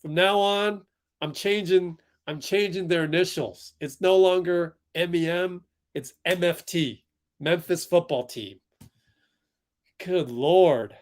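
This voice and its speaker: A man's voice: high voice, a little slow. Heated man hosting a sports watch-along. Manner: heated, exasperated, laughing. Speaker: livestream host.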